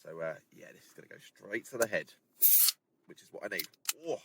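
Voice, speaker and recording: A man's voice: low-pitched, fairly quick, vocal fry. A man vlogging outdoors on windy hills, chatting casually to the camera and speaking directly to his viewers. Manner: chatty, addresses viewers directly, relaxed asides. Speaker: hiking vlogger. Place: outdoors on windy fells at a campsite.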